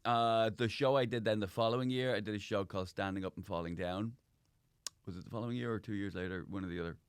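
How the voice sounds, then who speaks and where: Comedian guest, man, low voice, chatty storyteller who restarts a lot, dry studio sound. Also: steady tone, quick pace, clean tone, dry recording. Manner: rambling anecdotes with many restarts. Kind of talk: casual chat.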